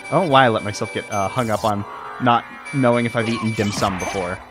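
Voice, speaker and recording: A man's voice: on the low side, fast talker. A man from Texas giving rambling, filler-heavy, self-deprecating commentary while he plays a video game. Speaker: let's play commentator. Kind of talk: casual gameplay commentary. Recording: game music playing under the voice. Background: game music.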